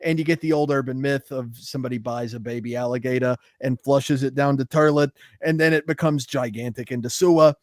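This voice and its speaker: A man's voice: mid-range voice, fairly even intonation, fairly quick, few pauses, no echo, clean studio sound. A man co-hosting a casual horror movie podcast, playful and slangy, retelling plots with lots of fillers. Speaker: podcast co-host. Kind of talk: casual movie review chat.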